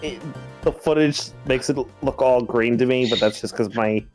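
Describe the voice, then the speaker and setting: A man's voice: mid-range voice, normal speed, darkish tone, faint music behind. A man chatting casually on a gaming stream in a hesitant, self-deprecating way.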